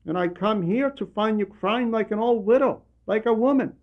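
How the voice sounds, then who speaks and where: A man's voice: fairly high pitch, unhurried, muffled recording, close to an everyday voice. A man voicing a humble elderly monk who firmly admonishes and reassures. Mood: scolding. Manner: firm, admonishing. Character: humble elderly male monk, gently scolding.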